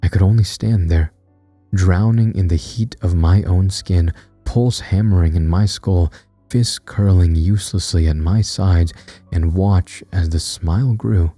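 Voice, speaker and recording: A man's voice: low voice, unhurried, dark tone, dry recording, soft background music. A man narrating a scripted horror story in a tense, dramatic way.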